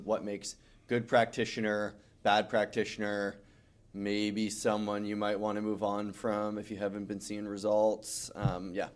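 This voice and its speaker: A man's voice: lowish voice, darkish tone. A man, a chiropractor co-hosting a casual podcast chat.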